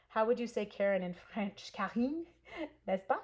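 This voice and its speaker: A woman's voice: mid-range voice, normal speed. A talkative woman in her forties from Canada, chatting through a live stamping session. She tells stories at length and answers viewers by name as she goes. Her voice sits in a middle register. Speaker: crafter and schoolteacher hosting a stamping stream. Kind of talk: casual live craft stream chat.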